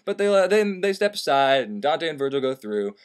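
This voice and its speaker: A man's voice: on the high side, big pitch swings, fairly quick. A man retelling a classic story as crude comedy, profane and sarcastic. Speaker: host.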